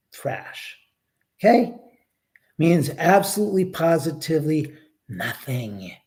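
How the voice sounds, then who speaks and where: A man with a mellow, medium-pitched voice hosts a casual livestream from his house. He rambles and swears freely while talking to his dog and answering viewers.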